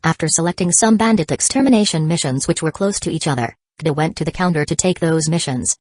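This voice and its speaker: A woman narrating an audiobook in an even, unhurried reading. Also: sits low, dry recording. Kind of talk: scripted narration.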